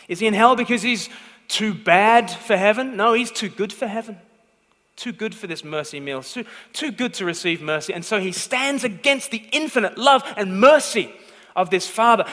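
A man preaching a sermon with a high, bright, forceful voice. He tells a story emphatically and keeps pausing to check that his listeners are following. His words ring out with a long reverb from the hall. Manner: emphatic storytelling, repeated "okay?" check-ins.

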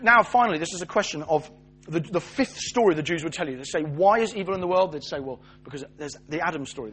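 A British man giving a lively sermon, jokey and animated, acting out voices as he tells the story. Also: a little high, breathy edge. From Britain. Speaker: preacher.

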